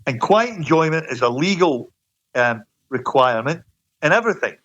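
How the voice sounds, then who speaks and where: A man talks football as a guest in a slightly high voice. He is opinionated and casual, restarting his sentences and leaning on "you know" and "mate." The sound is dull and lo-fi. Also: very animated, moderate pace, a bit bright. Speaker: guest pundit. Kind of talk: casual sports radio chat.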